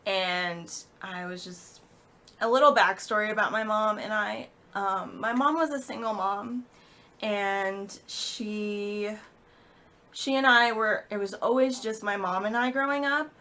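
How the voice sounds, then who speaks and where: Bright-voiced woman telling a personal story. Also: mid-range voice. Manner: emotional, halting, frequent fillers. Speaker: vlogger.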